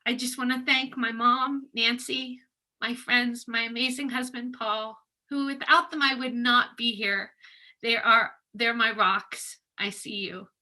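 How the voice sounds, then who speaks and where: A woman educator giving an emotional acceptance speech, heartfelt and choked up, pausing with soft laughs. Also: fairly high pitch, fairly even intonation, low-quality recording. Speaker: educator receiving an award.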